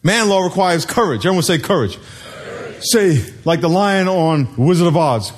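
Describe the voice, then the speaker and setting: A middle-aged man preaching to a congregation, his voice sitting a little high for a man. He is lively and animated, gets the room to call words back to him, and plays out the people he quotes. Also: normal speed. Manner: lively, calls for congregation responses, acts out quotes. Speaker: pastor. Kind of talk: sermon.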